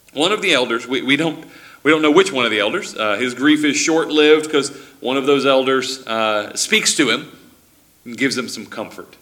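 A man delivers a sermon in a relaxed, conversational teaching style, stumbling and restarting often as he thinks aloud. His voice is bright and forward, sitting around the middle of the male range. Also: medium pitch. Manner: conversational teaching with frequent restarts and acted-out quotes. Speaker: preacher.

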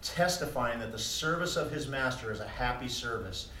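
A man preaching a sermon as pastor, moving between quiet musing and loud, emphatic declarations. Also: medium pitch, animated, normal speed, a little hiss or hum. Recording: echoey room heard from a distance.

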